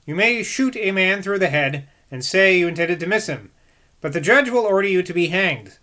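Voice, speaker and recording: A man's voice: high-pitched, expressive, moderate pace, pushed and bright. A man reading aloud from a classic book and breaking off to muse and second-guess himself between passages. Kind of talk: reading aloud with casual asides.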